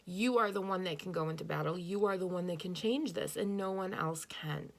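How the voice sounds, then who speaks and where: A woman does an earnest, intuitive tarot reading, addressing the listener directly. Her voice is lowish, brisk and creaky. She thinks aloud, repeating phrases and correcting her own words.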